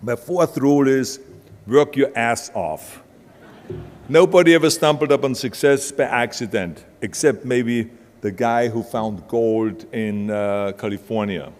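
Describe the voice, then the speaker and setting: A keynote speaker, an older Austrian man with a strong Austrian German accent, gives a forceful motivational speech built on punchy anecdotes. His mid-range voice is a bit slow and slightly mellow, carried by the long reverb of a large event hall's live stage.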